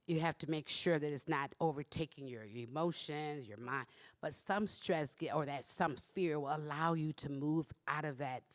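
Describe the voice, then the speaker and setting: A woman's voice: low voice, normal speed. A woman on a discussion panel, speaking emphatically and telling anecdotes to the audience.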